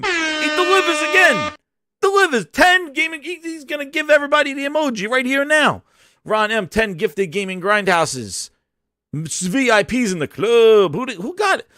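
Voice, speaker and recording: A man hosting a casual live stream, hyped and shouting out viewers, his voice hoarse after a long day. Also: sits high, no echo, clean studio sound. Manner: hyped, shouts out chat names.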